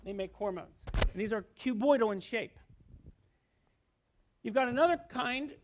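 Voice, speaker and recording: Man, middle-aged, high voice, university biology lecture, explanatory, asks questions. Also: normal speed, a little hiss or hum. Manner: explanatory, asks students questions, frequent "okay?". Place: lecture hall.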